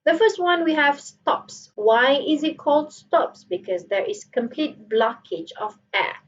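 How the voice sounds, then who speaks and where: A woman's voice: sits high, very animated, measured pace, far from the mic, muffled recording. A woman with a Malaysian accent giving a phonetics lecture, playful and switching between Malay and English as she demonstrates sounds. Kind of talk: recorded online lecture.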